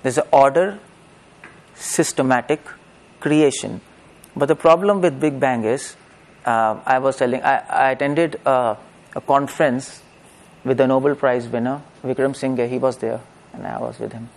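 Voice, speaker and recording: A man's voice: medium pitch, fairly even intonation, moderate pace, gravelly. A middle-aged man, giving a lecture-style religious discourse and asking his audience rhetorical questions. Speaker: preacher.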